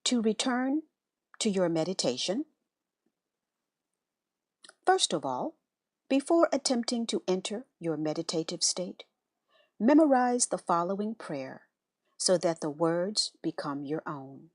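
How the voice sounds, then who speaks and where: A woman reads devotional text in an unhurried, reverent cadence, her voice sitting a little low. The sound is close and dry, with no room around it. Her delivery stays calm and measured throughout. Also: dry recording. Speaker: reader of spiritual letters. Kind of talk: scripted devotional reading.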